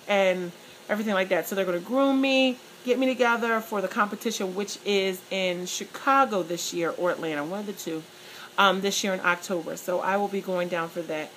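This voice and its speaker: Excited chatty woman vlogger. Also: mid-range voice, a little fast, slight background noise, low-quality recording. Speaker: vlogger and plus-size model. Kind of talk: casual chat to viewers.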